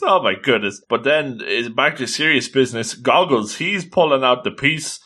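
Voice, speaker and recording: A man recapping an episode in a casual, excitable way, exclaiming often. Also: medium pitch, moderate pace, hardly any pauses. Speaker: anime recap host.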